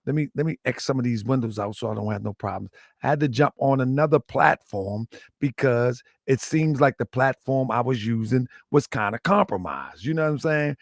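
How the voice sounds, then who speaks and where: A slightly hoarse man hosting a livestream, talking casually and muttering asides as he sets things up. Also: medium pitch, no room sound, clean studio sound. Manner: chatty, repetitive, muttering asides while setting up. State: slightly hoarse, lost some voice. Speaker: livestream host.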